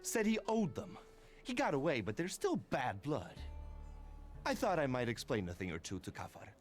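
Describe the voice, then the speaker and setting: An actor playing a gruff, loyal middle-aged gang boss in a video game, swaggering and nostalgic. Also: male voice, mid-range voice, wildly swooping pitch, moderate pace, soft background music. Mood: scheming.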